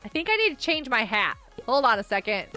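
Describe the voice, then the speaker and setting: A woman chatting casually while she streams a game, excitable and quick to gasp and laugh. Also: a little high, soft background music. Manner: excitable, gasping and laughing often. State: sleepy, yawning. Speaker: gaming livestreamer. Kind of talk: casual live gameplay chat.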